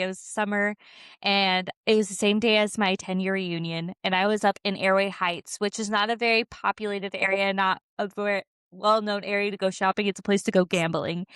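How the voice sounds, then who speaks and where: Smooth-voiced woman, candid and chatty. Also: mid-range voice, a bit bright, no echo, clean studio sound. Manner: candid, chatty, heavy on fillers and swearing. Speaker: podcast co-host and small craft business owner. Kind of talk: casual chat.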